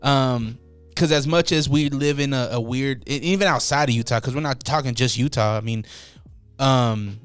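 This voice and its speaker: A man's voice: medium pitch, moderate pace, smooth, soft background music. A man hosting a casual podcast chat, encouraging and upbeat as he talks with his guests. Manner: encouraging, upbeat sign-offs. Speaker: podcast host. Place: Utah.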